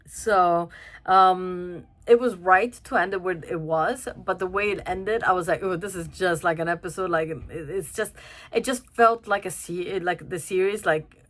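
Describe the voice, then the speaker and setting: A young woman talks through a film review in a relaxed, chatty way. Her voice sits a little low, and she keeps circling back with fillers and restarts. She breaks into laughs as she goes. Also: moderate pace. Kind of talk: casual spoken review.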